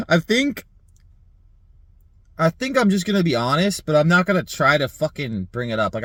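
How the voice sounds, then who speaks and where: A man in his thirties rambling in a casual vlog monologue, laughing often, swearing and filling pauses with "like" and "um". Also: lowish voice, no echo. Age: 30s. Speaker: vlogger.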